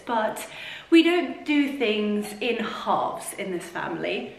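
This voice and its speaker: A woman's voice: on the high side, lively intonation, takes it slowly, roomy sound, rough recording. A British woman vlogging from her living room as she decorates, chatty and gushing, getting sentimental. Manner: gushing, affectionate, prone to getting emotional and laughing. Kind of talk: chatty vlog narration while decorating. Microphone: camera on tripod.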